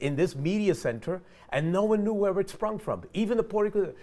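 A man telling a story as a talk show guest, animated and prone to stumbling restarts. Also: sits high, brisk.

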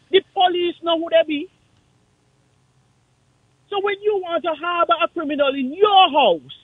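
A man with a Kittitian accent calling in to a radio talk show, speaking in an impassioned, forceful, repetitive way. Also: extremely high pitch, dry recording. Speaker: caller. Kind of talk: call-in radio rant. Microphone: phone line. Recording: tinny dry phone line.

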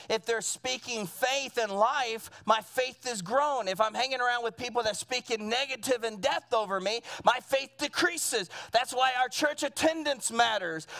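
A man's voice: extremely high pitch, a bit bright. A man preaching a sermon as pastor to his church congregation, earnest and at times building to emphatic fervor. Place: church sanctuary.

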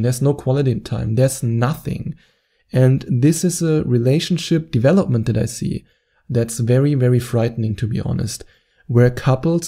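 Male dating coach, emphatic advice monologue, deep and gravelly. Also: mellow. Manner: earnest, emphatic, acts out quoted reactions. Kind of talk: direct-to-camera advice monologue.

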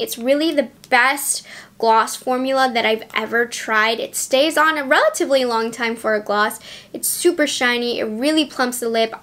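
A woman's voice: a little high, fairly bright tone. A young woman beauty vlogger chatting enthusiastically through a casual product review, gushing over her favorites. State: out of breath.

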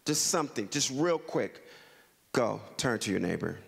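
A man's voice: medium pitch, expressive, moderate pace, creaky, slight background noise. A middle-aged man from Los Angeles, a guest speaker giving an interactive talk to a community audience, leading them in call-and-response and repeating his prompts.

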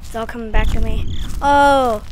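High-voiced jumpy gamer woman, noisy recording. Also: steady tone, normal speed. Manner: jumpy, talks back to the monster, swings between whispers and loud taunts. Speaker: gaming channel host. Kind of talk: horror game commentary. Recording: noisy background hiss.

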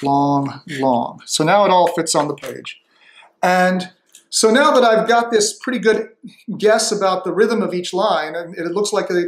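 Thinking out loud, a man proceeds slowly through a demonstration, sounding hesitant and reflective and restarting often. His voice is pitched high.

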